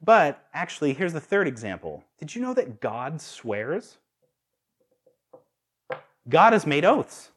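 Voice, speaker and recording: A man's voice: a little high, takes it slowly, pauses often, a little hiss or hum. A man preaching a sermon, asking his listeners rhetorical questions. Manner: animated, asks the audience rhetorical questions.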